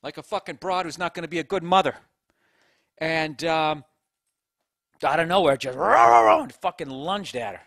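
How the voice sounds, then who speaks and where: A man's voice: fairly high pitch, moderate pace, long pauses, a bit bright, dry recording, studio quality. A man hosting a podcast, rambling through a profane comedic story and talking to his dog. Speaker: podcast host. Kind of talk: casual comedic monologue.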